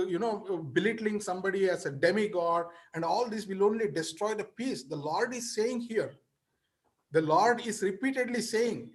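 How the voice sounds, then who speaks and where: A man in an earnest religious discussion on a video call, pleading and apologetic as he interrupts. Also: high voice. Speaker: discussion participant.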